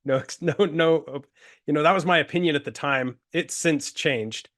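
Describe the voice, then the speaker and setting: Man from utah, panel guest, relaxed anecdote, slightly high voice, easygoing fillers. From Utah, USA. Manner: relaxed storyteller, drawn-out phrases with fillers. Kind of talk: casual discussion, anecdote.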